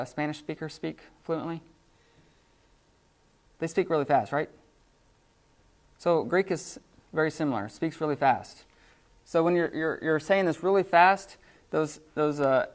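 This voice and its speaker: Gravelly-voiced man teaching a class. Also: on the high side, animated, measured pace, long pauses. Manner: casual, filler-heavy explaining with frequent restarts. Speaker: Greek teacher. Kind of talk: unscripted classroom lecture.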